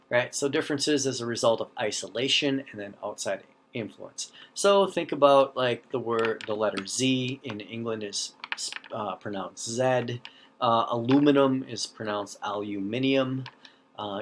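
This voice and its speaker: A middle-aged man with an Upper Midwest accent gives a recorded lecture at an ordinary pitch. His long O's come through as he talks loosely, restarting sentences and tossing in "right?" to keep students with him. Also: fairly bright tone. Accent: Upper Midwest American. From North Central United States. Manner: conversational, frequent "right?" check-ins and restarts. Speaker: teacher.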